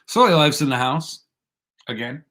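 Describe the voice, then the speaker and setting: This man hosts a casual live stream, chatting with viewers in a laid-back, rambling way and laughing often. His voice sits fairly high, with a bright, forceful tone.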